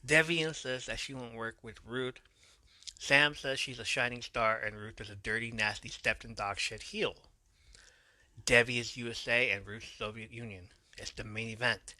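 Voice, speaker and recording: A man's voice: medium pitch, fairly even intonation, moderate pace, pushed and bright, dry recording. A man hosting a podcast, casually recapping an episode in a loose manner, swearing now and then and correcting his own slips. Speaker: podcast host.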